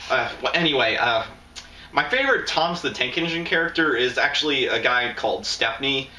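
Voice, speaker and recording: A young man hosts a casual show-and-tell review, rambling and restarting his sentences. His voice sits at a middle pitch with a bright, forward edge. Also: expressive, normal speed, poor audio. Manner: rambling, lots of fillers and restarts. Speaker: video host.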